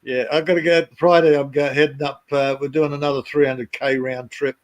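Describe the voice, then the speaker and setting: A man's voice: on the high side, level tone, brisk. A man chatting casually with a friend, laid-back and a bit profane. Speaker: friend on call. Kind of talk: casual chat.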